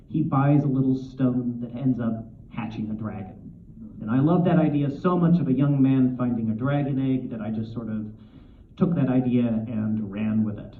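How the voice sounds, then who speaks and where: A man in his thirties, a guest author on a convention panel, telling stories in a quick, animated way and often correcting himself mid-sentence. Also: on the high side. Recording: echoey, tinny, from far off.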